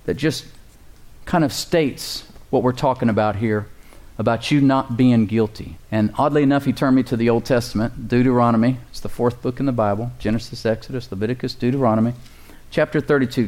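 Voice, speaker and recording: A man's voice: mid-range voice, a little mellow. A man preaching a sermon as pastor, conversational and joking, building up emphasis in places.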